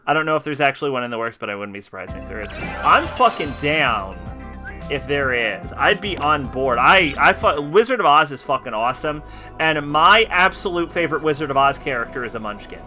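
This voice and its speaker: A man's voice: fairly high pitch, lively intonation, a little fast, sharp tone, faint music behind. A man streaming a video game, chatting casually and rambling, with lots of fillers and swearing. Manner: rambling and profane, heavy with fillers. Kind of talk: casual live-stream chat.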